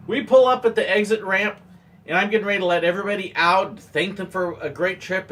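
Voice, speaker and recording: A man, a former theme park ride operator, telling playful stories in vlog-style narration. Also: sits high. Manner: playful, animated storyteller.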